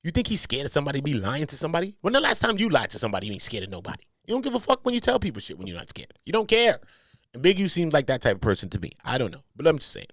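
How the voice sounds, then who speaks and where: A male commentator talking in heavy street slang, with a lively voice that swings from loud outbursts to low mutters. The recording is dry and close, with no room sound. His delivery is emphatic and animated. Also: rapid-fire, no room sound. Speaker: commentary host.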